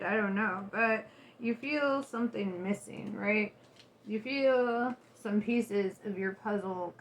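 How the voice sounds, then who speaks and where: A woman's voice: medium pitch, slight background noise. A woman giving a casual tarot reading, candid and loose, swearing and laughing often. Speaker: tarot reader.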